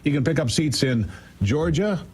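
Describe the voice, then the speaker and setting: A man's voice: a little high, lively intonation, moderate pace, darkish tone, husky. A man giving emphatic political commentary as a guest on a morning news show, firing off incredulous rhetorical questions.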